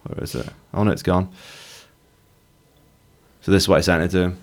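A man with a lowish voice chats on a podcast. He teases the others and swears freely. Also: level tone, brisk, a little mellow. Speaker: podcast co-host. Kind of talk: casual chat.

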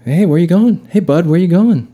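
A man putting on a brash, high Little League coach. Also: expressive, normal speed, warm tone, breathy edge. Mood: insistent. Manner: coaxing, brash, high-pitched. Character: pushy upbeat male Little League coach type.

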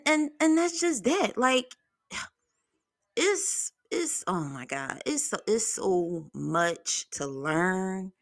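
Blunt, gravelly-voiced woman podcast host. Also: sits low, no echo, studio quality. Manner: blunt, profane, animated storytelling. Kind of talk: solo podcast talk.

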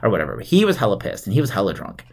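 A man's voice: on the low side, rapid-fire. A man, telling a rowdy story in casual podcast chat, swearing and laughing as he goes. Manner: animated, profane, laughs while telling stories.

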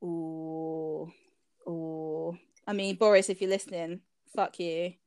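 A woman's voice: lowish voice, little pitch movement, slow, darkish tone, clear, resonant tone, no echo. A woman co-hosting a casual podcast, giggly and cheeky, swearing freely as she chats. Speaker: podcast co-host. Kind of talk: casual chat.

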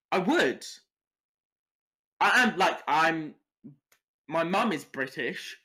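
Animated teenage boy ranting solo. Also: on the high side. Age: teens. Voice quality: animated, sweary ranting, fast tangents. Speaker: podcast host. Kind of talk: solo podcast rant.

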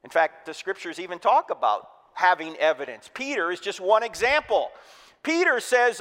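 Male church speaker from New Jersey, lively, quizzes the crowd, higher voice, reverberant hall. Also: moderate pace. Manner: energetic, joking, quizzes the audience. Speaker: Christian speaker. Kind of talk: humorous apologetics sermon.

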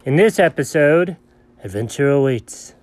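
A man narrating a comedy audio show in a playful, deadpan way. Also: a little high, unhurried, no echo. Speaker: host and narrator.

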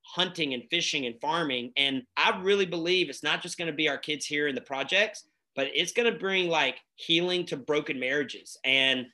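A man, telling stories in a casual, energetic conversation as a guest, with many fillers. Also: on the high side, normal speed. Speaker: nonprofit founder and guest.

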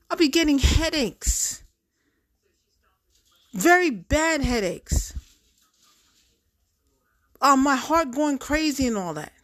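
A woman's voice: sits high, a bit bright. A middle-aged woman talking straight to her viewers in a casual monologue, emphatic and repeating herself for effect. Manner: emphatic, repetitive, addresses audience directly. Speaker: vlogger.

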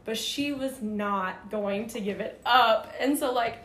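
A young woman casually telling a story, animated and full of fillers, acting out quoted dialogue. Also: a little high, unhurried. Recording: roomy echo with faint background noise.

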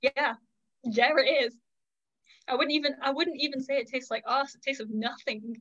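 On a podcast with dull, lo-fi sound, a female guest with a high-pitched, slightly bright voice talks at a moderate pace in a steady tone. Her casual chat is blunt and opinionated, peppered with "like" and "um."

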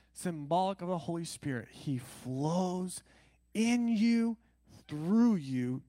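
A man preaching a sermon, emphatic, repeating phrases and swinging from loud declarations to near-whispers. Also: a little high, no room sound. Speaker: pastor.

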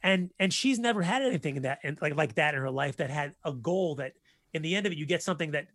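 A man in his forties telling stories in a casual chat, animated and profane. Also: on the high side, quick pace, no echo. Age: 40s.

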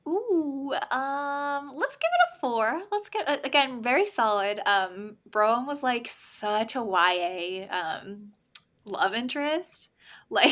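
A woman's voice: fairly high pitch, pushed and bright. A woman co-hosting a podcast, chatting casually and hedging with lots of "like" and "um.". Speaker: podcast co-host. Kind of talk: casual book chat.

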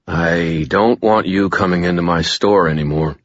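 A man reading an audiobook, voicing a tired middle-aged male bookshop owner who speaks carefully and quietly. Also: low-pitched, normal speed, no room sound, muffled recording, lightly acted. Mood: guarded, apologetic.

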